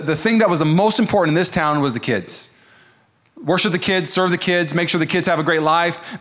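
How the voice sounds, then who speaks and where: A pastor preaching a sermon to a church congregation. He talks very fast in a slightly high voice. He keeps a joking, conversational energy throughout. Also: fairly bright tone. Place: church service before a congregation.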